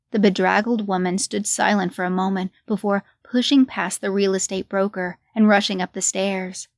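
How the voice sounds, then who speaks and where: A woman narrating a horror story in a measured, deliberate way. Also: medium pitch, fairly even intonation, no echo, clean studio sound.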